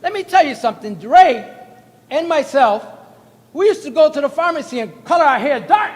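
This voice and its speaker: A man's voice: expressive, moderate pace. A man, a state representative, giving a jokey, effusive speech at a press event. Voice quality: high-pitched, booming, jokey and effusive. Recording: long hall reverb.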